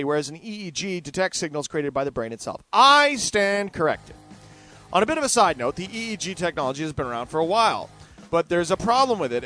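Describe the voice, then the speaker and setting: A man hosting his own show, reading out news stories and commenting on them, animated and sardonic, swinging between loud outbursts and muttered asides. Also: sits high, no echo. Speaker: podcast host.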